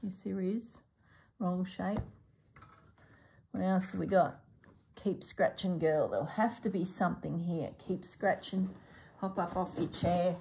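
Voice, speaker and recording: A woman hosting a sewing vlog who thinks aloud as she works, musing to herself in a soft, half-whispered voice. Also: on the low side, a little slow, creaky, pauses often, a little hiss or hum. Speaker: sewing channel host.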